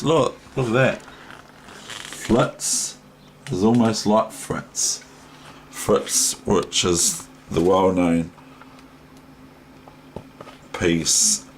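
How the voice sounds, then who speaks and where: A man's voice: low voice, a little mellow, slight background noise, rough recording. An older man with a New Zealand accent, a chess teacher rambling casually and chatting to his toys with many ums. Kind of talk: casual vlog chat.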